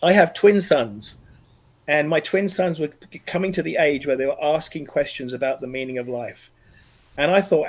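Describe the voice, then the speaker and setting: A middle-aged man with an Australian accent recounts a personal story in an interview. His voice sits slightly high, and he speaks earnestly and with animation. He often restarts his sentences. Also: moderate pace. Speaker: podcast guest.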